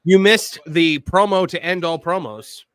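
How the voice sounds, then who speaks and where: A man's voice: high-pitched, measured pace, clear, resonant tone, no room sound. A man hosting a live watch-along, calling the action in a sarcastic, blunt manner and swearing freely. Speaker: host.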